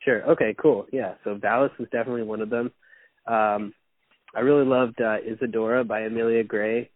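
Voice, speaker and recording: A man's voice: mid-range voice, steady tone, brisk, dry recording, narrow, tinny audio. A young man guesting on a podcast, chatting casually and telling rambling, profane stories, laughing often. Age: young adult. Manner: rambling storyteller, swears freely, laughs often. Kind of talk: casual chat.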